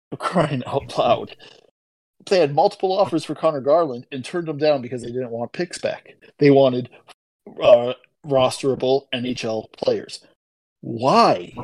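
A man's voice: mid-range voice, a little mellow, dry recording, poor audio. A man co-hosting a sports podcast, talking in an exasperated, incredulous tone. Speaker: podcast co-host. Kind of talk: casual chat.

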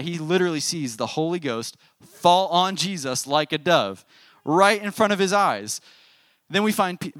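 A young man preaching a casual youth sermon, with lively, chatty asides to students. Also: medium pitch, dry recording. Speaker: youth pastor.

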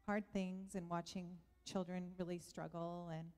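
Hesitant low-voiced woman in a hall. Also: level tone, measured pace, a little mellow. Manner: hesitant, earnest. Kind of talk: church testimony sharing. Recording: long reverb of a large room.

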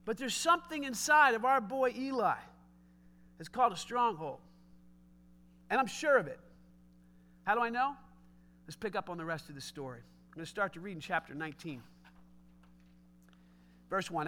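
A man preaching a sermon, retelling a scripture story with lively, casual asides. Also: very high voice, moderate pace, long pauses.

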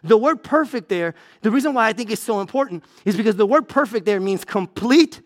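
High-voiced man preaching with emphasis. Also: lively intonation, fairly quick. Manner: emphatic preaching with repetition, swinging from loud to low. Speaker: pastor. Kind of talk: sermon.

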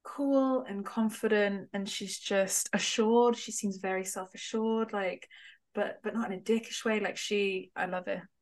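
A woman's voice: medium pitch, steady tone, unhurried. A woman hosting a podcast, chatting casually and thoughtfully. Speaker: podcast host. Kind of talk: casual chat.

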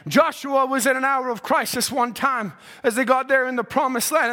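A male preacher with a very high, bright and forceful voice. He delivers an impassioned sermon, pressing his points home, calling out hallelujah and climbing into shouts. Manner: impassioned, repeats cries of hallelujah, rises to shouts. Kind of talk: fervent sermon.

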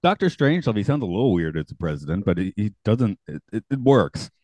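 Laid-back low-voiced podcast host, dry mic. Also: male voice, very animated, fast, a little mellow, no room sound. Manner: chatty, laughs often. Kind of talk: casual chat.

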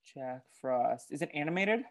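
A man co-hosting a podcast in casual chat, wry and blunt, quick to swear. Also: on the high side, animated, fairly bright tone. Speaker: podcast co-host.

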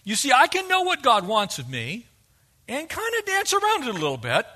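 Male pastor, sermon delivery, high bright voice, lively and acts out quotes. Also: fairly quick.

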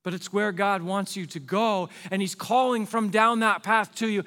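A man's voice: sits high, steady tone, normal speed, few pauses, a bit bright, in a large hall. A male pastor preaching a sermon in an earnest, pleading way, repeating rhetorical questions to the congregation.

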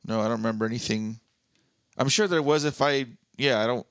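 Podcast guy with a gravelly voice, reads from his notes, dead dry sound. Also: medium pitch, dry recording. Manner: reads aloud from notes, bursts of quick asides. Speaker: podcast co-host. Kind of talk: casual comedy podcast chat. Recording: dry close-miked podcast audio.

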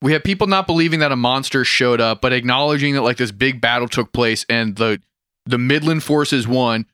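A man's voice: mid-range voice, a little fast, a bit bright, clear, resonant tone, dry recording, clean studio sound. A man co-hosting a podcast, chatting casually and bluntly with friends, swearing freely and laughing often. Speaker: podcast co-host. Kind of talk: casual profane chat about a manga.

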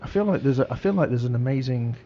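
Male radio host, dark gravelly tone, muffled broadcast sound, rambling delivery. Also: mid-range voice, animated, slight background noise. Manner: halting, many fillers and restarts. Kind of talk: casual radio chat.

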